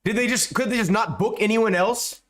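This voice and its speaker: A man's voice: high-pitched, normal speed, a bit bright. A man giving casual, rambling commentary over gameplay, often stammering and repeating words, and swearing now and then. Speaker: gaming YouTuber.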